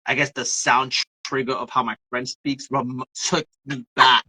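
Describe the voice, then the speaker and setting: Bright-voiced woman telling stories animatedly. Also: rumbling low, normal speed, slightly rough, poor audio. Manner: animated storyteller, acts out quoted voices. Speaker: podcast guest. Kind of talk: casual conversation.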